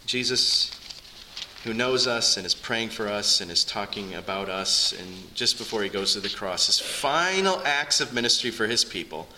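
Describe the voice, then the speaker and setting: A man's voice: fairly low pitch, animated, moderate pace, sharp tone, slight background noise, low-quality recording. A man preaching a sermon to his congregation in an earnest, conversational way. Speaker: pastor.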